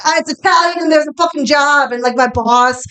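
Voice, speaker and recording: A woman's voice: high voice, brisk, pushed and bright, rough recording. A woman voicing a brash, crude movie-star man with a put-on Boston accent, cursing constantly as she tells a story. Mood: swaggering. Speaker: comedian guest.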